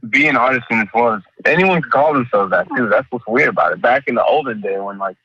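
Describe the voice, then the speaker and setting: A man who paints is being interviewed, and he talks casually and with lots of energy, swearing freely and acting out other people's voices when he quotes them. His mid-range voice is fast and slightly rough. The recording is muffled, with no room sound.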